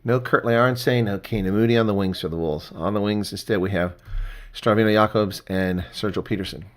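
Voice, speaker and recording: A man giving casual live reaction commentary on a rugby match, chatty and thanking viewers, getting excited on big plays. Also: fairly low pitch, fairly quick.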